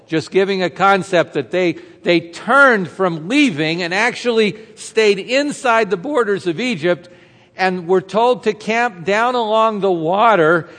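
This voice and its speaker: A man's voice: sits high, fairly bright tone. A man preaching a sermon as a pastor, retelling a story in a conversational way and throwing rhetorical questions to the congregation. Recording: reverberant hall sound.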